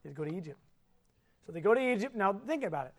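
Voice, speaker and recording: A man delivering a sermon in a notably high voice. He tells the story with animated energy, drops to a hush and then bursts out loud, and keeps asking his listeners questions. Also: very fast. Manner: swings between soft and loud. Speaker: preacher.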